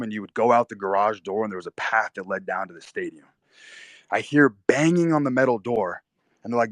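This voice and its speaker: A man's voice: fairly low pitch, no room sound. A young man intensely telling a first-person story about his own life, full of swearing and vivid detail.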